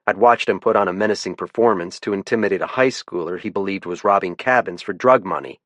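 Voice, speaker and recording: A man giving measured, first-person scripted audiobook narration. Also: low-pitched, a bit bright, no room sound.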